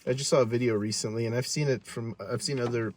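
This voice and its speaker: A man's voice: medium pitch, steady tone, fast talker. A man in his twenties co-hosting a podcast, laid-back, acting out quoted lines in casual chat. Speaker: podcast co-host.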